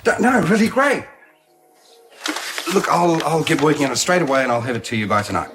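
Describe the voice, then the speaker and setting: An actor playing a shady, driven businessman from a 1980s TV soap. He is brisk and businesslike, and his voice swings widely in pitch. Soap music plays under him. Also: lively intonation, natural voice. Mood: smooth. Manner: brisk and businesslike, fawning on the phone. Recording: soap clip with music behind.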